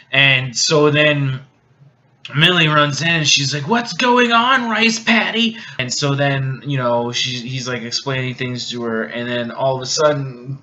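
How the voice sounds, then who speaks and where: Drunk guy, halting rambling plot retelling, bright sharp voice, muffled lo-fi recording, light hiss. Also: mid-range voice. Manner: halting, rambling, many restarts and fillers. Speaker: video host.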